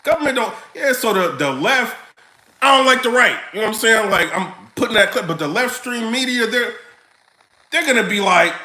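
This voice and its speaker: A man ranting casually to camera, animated and joking, with lots of slang. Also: sits high, normal speed, echoey room. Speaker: vlogger.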